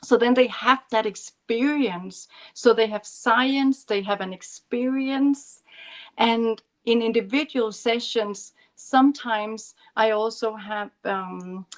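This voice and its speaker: A woman guest on a podcast, a leadership coach, telling a personal story in an earnest, gentle way with some restarts. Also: mid-range voice. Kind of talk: storytelling in conversation.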